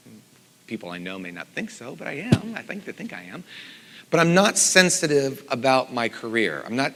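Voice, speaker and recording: A middle-aged man, a composer and teacher, giving a conference talk with animated storytelling and lively voiced quotes. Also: mid-range voice. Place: conference hall. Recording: long hall reverb.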